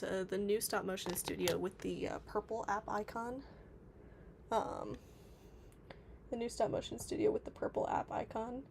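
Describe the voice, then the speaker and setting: This streamer's medium-pitched voice is dark with vocal fry, and a little background noise comes through. She chats casually, reads comments from viewers aloud and fills her talk with filler words.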